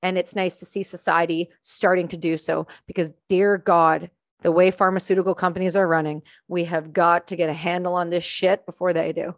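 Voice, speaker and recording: A woman's voice: lowish voice, flat delivery, fairly quick, dry recording, clean studio sound. Blunt, playful Canadian woman. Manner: blunt, profane, playful ranting. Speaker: guest. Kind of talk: casual chat.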